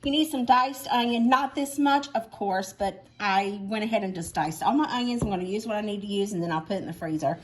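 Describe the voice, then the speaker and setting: A woman's voice: mid-range voice, fairly quick, few pauses. A woman hosting a casual cooking vlog in her home kitchen, chatty and self-deprecating as she talks straight to her viewers. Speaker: cooking channel host. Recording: clear kitchen noise behind. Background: pots, pans and whisking.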